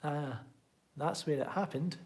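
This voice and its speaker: This man speaks unhurriedly in a fairly high, slightly mellow voice. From Scotland, with a Glaswegian accent, he's live streaming from his home room, answering chat in a casual, sardonic, rambling way and reading it out loud.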